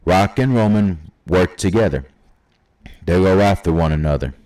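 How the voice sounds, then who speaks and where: A man's voice: sits low, expressive, moderate pace, a little mellow. A man casually talking through his wrestling predictions, rambling and hesitant with many fillers, sometimes quoting imagined fans and wrestlers. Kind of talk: casual solo prediction talk.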